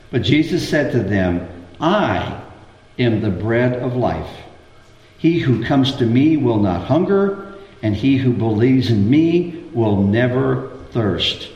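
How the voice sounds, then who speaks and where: A man preaching a sermon as pastor, acting out scripture quotes with rising pitch. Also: expressive, a little slow, a little mellow, lo-fi sound. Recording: echoey hall, voice from far off.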